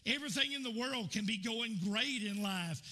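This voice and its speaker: A man's voice: extremely high pitch, normal speed, bright, forceful tone. A man preaching a sermon in a church, telling folksy stories full of fillers and repeats. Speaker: pastor.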